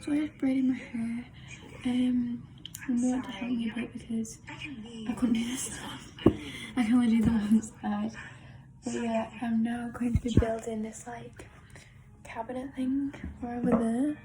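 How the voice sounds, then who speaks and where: Speaking at a fairly high pitch, level and a little slow, a teenage girl chats casually in her bedroom study-with-me vlog. She rambles with lots of fillers, and the home video recording is noisy.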